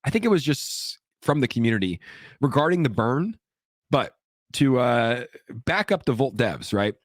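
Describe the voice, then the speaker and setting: A man's voice: mid-range voice, big pitch swings, normal speed, no echo, studio quality. A man hosting a casual crypto livestream, upbeat and hyped as he reads viewer comments, sick and coughing now and then. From California.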